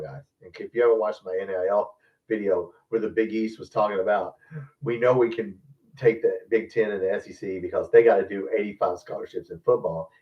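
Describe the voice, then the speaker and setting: A man's voice: fairly low pitch, distant mic, muffled recording. A man hosting a live fan stream, ranting bluntly and rambling about football, often calling his viewers guys. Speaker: fan channel host. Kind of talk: live-stream sports commentary, casual rant.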